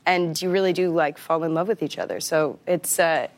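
A woman with a lowish voice, chatting as an interview guest. She talks loosely with plenty of fillers and laughs often between thoughts. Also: steady tone, normal speed. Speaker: actor guest. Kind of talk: casual interview chat.

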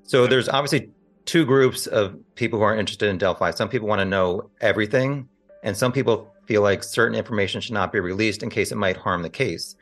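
A man hosting an interview, asking frank, measured questions in a casual tone. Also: lowish voice, a bit bright, soft background music.

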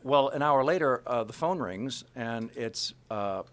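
A man in his sixties from Kansas City, telling animated stories as an interview guest. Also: mid-range voice, a little slow. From Kansas City, USA. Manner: animated, acts out quotes, laughs. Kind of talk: anecdotal storytelling.

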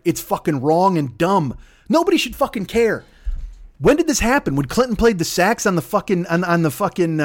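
Comedy podcast host, male, high-pitched, foul-mouthed ranting delivery. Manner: ranting, profane, riffing into mock voices. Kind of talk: profane comedic rant.

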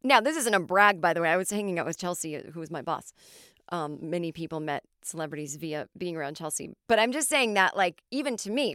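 An American woman hosting a podcast, telling comic stories in an animated way, swearing freely and acting out the people she quotes. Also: on the low side, dry recording, studio quality. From United States. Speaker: podcast host, comedian. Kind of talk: comic storytelling monologue.

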